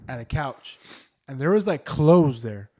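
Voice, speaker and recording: A man's voice: mid-range voice, expressive, a little slow, mellow. A man hosting a podcast, telling family ghost stories in a loose, rambling way full of fillers. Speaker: podcast host. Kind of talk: casual storytelling chat.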